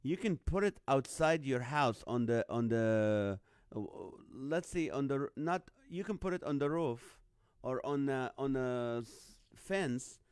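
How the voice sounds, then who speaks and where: A middle-aged man hosts a live online show, chatting loosely and greeting viewers one by one. His voice sits a touch high and sounds smooth and resonant. The sound is dry and close. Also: no echo. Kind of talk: casual live-stream chat.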